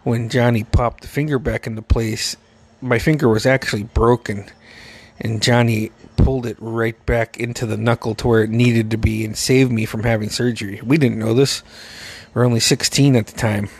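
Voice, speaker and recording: A male podcast host with a gravelly, fry-laden voice at an ordinary pitch. He tells his stories in a loose, rambling way, full of swearing and laughter. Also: fairly even intonation, normal speed, darkish tone. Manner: profane, rambling, laughing often. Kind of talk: casual storytelling.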